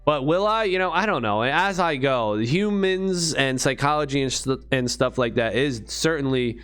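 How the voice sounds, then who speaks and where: A man's voice: mid-range voice, expressive, normal speed, fairly bright tone, clean tone, faint music behind. A man talking to his channel in a rambling, profane monologue full of rhetorical questions. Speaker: crypto vlogger.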